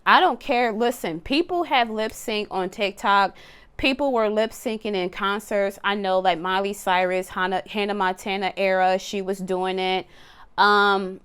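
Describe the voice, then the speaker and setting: Lady doing a tarot reading, smooth clear voice, blunt and cussing, goes off on tangents. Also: medium pitch. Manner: animated, blunt, swears freely, laughs and goes off on tangents. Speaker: tarot card reader. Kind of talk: casual tarot reading to camera.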